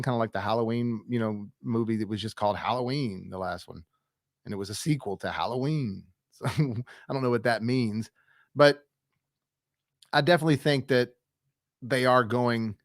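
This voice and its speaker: A man's voice: medium pitch, no echo. Chatty man, dry close sound. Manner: chatty, enthusiastic, rambling with fillers and viewer asides. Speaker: movie news host. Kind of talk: casual online movie news talk.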